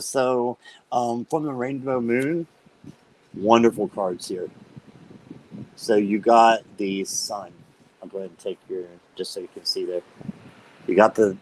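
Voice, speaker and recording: A man hosting a live stream, chatting casually with viewers by name and reading tarot cards, upbeat and quick to laugh. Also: on the low side, slight background noise, low-quality recording. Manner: chatty and upbeat, laughs often while talking; talks directly to viewers by name.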